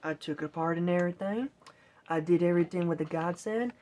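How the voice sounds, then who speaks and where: A woman with a fairly low voice tells a long, winding story in a casual vlog. She rambles and quotes her own exasperated reactions. Faint keyboard typing can be heard behind her. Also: fast talker, warm tone. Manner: rambling, exasperated retelling with quoted self-talk. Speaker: vlogger. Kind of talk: casual storytelling while gaming.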